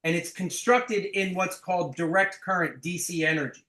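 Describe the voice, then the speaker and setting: Blunt, emphatic high-voiced sales coach. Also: male voice, moderate pace, sharp tone, roomy sound, low-quality recording. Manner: blunt, emphatic, swears casually.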